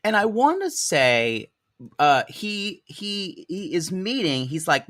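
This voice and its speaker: A man co-hosting a chatty podcast, recapping a reality show with plenty of sarcasm. His pitch swings widely as he jokes and laughs through his lines. The sound is dry and close. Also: slow, no echo. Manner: animated, sarcastic, laughs while talking. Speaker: podcast co-host.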